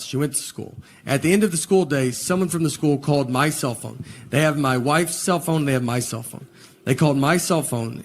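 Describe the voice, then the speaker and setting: A man doing stand-up on a theater stage with a slightly high voice. He tells stories in a bewildered, deadpan way, slipping into little acted-out quotes. The recording carries a clear layer of crowd and room noise. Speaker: stand-up comedian. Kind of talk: stand-up comedy set. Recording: live audience laughter behind.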